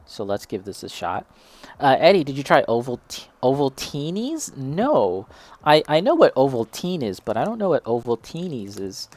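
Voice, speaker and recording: A man's voice: mid-range voice, sing-song, normal speed, darkish tone. A young man casually chatting as he tastes and reviews snacks, self-deprecating and reacting as he eats. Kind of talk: casual snack tasting chat.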